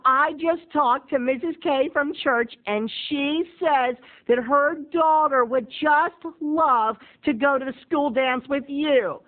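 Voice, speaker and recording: A man voicing his doting, churchgoing mother, sweet and eager, drawing out her words in a high sing-song, recorded with tinny phone-like sound. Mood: gushing. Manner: gushing, drawn-out sing-song.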